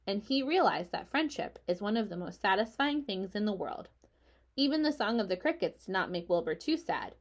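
Lady reading a kids book out loud, steady and even, normal pitch. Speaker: storyteller. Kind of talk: reading a children's book aloud.

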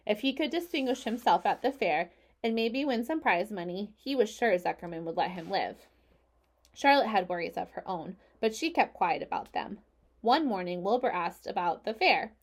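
A woman reading a children's book aloud in a steady, even storybook manner. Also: mid-range voice, normal speed.

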